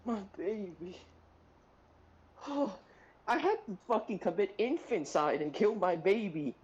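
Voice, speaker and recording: A man's voice: high voice, lively intonation, measured pace, darkish tone, highs cut off. A man playing a tabletop game, ranting with raw emotion and heavy swearing in casual chat.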